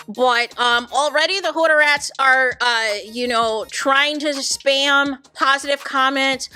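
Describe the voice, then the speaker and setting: A woman giving casual reaction commentary on reality TV, retelling scenes dramatically and talking straight to her viewers. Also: sits high. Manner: animated, dramatic retelling, addresses viewers as y'all.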